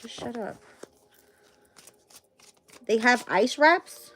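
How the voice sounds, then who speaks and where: A woman's voice: medium pitch, animated, unhurried, long pauses, fairly bright tone. A young woman hosting a casual live stream and reading tarot cards, blunt and profane, with frequent laughs.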